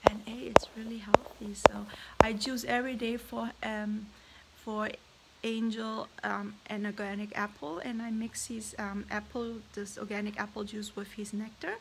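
A woman's voice: medium pitch, creaky, background noise. A woman with a German accent, a native German speaker from Germany, chatting casually on a live stream, reading viewer comments aloud and laughing often. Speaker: parrot vlogger hosting a live stream.

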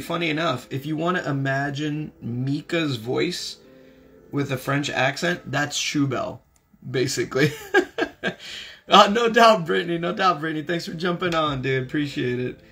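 Upbeat gravelly man chatting on a livestream. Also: fairly high pitch, fairly bright tone. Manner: laid-back, upbeat, chatty with viewers. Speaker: voice actor signing autographs on a livestream. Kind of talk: casual livestream chat.

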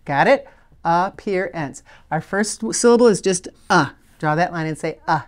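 A patient, encouraging woman leads a video spelling lesson. Her voice sits a little low. She slows down to sound out letters one by one. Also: lively intonation. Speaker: literacy teacher.

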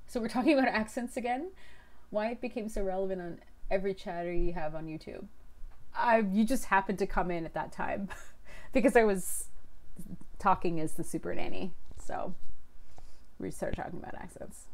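A woman's voice: mid-range voice, normal speed. A young woman from Canada hosting a casual livestream chat, rambling with fillers and reading viewer comments. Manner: chatty, rambling with fillers and laughs. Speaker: livestream host.

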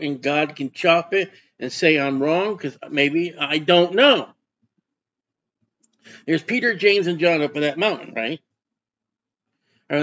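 Man, pastor, folksy sermon, asks the congregation questions, slightly high voice, lo-fi sound. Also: fairly bright tone.

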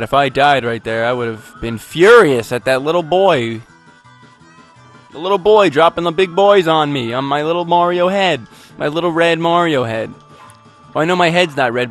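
Guy narrating his game, silly and rambly, kinda high voice, little bit of game music playing. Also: a bit bright. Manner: rambling, goofy, self-mocking, with sudden outbursts. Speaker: let's play gamer. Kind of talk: game commentary.

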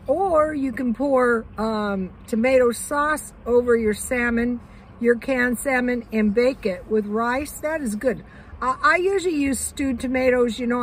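A woman's voice: on the high side, slight background noise, rough recording. An older woman vlogger chatting casually about living on a budget, rambling with lots of fillers.

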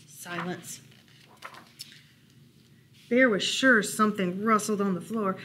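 A woman librarian reading a bedtime picture book aloud, gentle and unhurried, with playful asides. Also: medium pitch, a little hiss or hum. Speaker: children's librarian storyteller.

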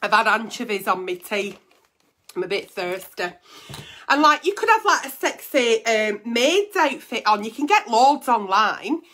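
A woman's voice: on the high side, big pitch swings, a little slow, bright, forceful tone. A woman hosting an advice show, blunt and teasing, swearing freely in casual comic chat.

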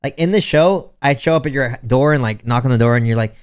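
Casual young male streamer, smooth clear tone, loose rambling delivery, faint background music. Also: mid-range voice, quick pace. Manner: laid-back, rambling, says "like" a lot. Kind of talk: casual live-stream chat.

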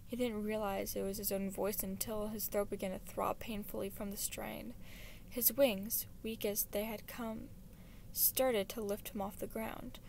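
A woman reading a fan story aloud in an unhurried, expressive way. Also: medium pitch, gravelly, a little hiss or hum. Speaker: fan-fiction reader. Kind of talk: audiobook-style story reading.

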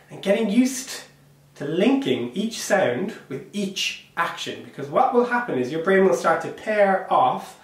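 A man leading an online percussion workshop. He speaks encouragingly, wears a small clip-on mic, and chants rhythm syllables aloud to demonstrate. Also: sits high. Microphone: small clip-on microphone. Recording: very echoey room, voice sounds distant.

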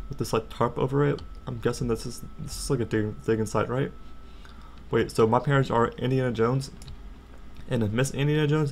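A young man giving casual, jokey let's play commentary and reading game text aloud, excitable and prone to sudden outbursts. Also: slight background noise. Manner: excitable, jokey, jumps to high-pitched outbursts. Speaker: gaming channel host.

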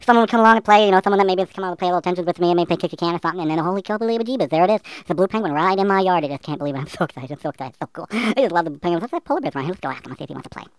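A man voicing a hyperactive, annoying kid in a flash cartoon, talking in rapid taunting chatter. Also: high voice. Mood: excited. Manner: rapid taunting chatter, mocking sing-song.

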